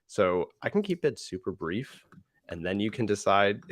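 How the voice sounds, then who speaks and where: A man's voice: on the low side, expressive, moderate pace. A man explaining sales technique in a friendly way, chuckling as he talks. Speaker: sales trainer guest. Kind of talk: casual chat.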